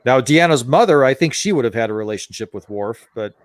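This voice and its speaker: A man's voice: medium pitch, expressive, fast, dry recording. Exasperated ranting man, dry close mic. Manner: ranting, exasperated, swears freely. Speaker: podcast host. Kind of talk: casual opinionated chat.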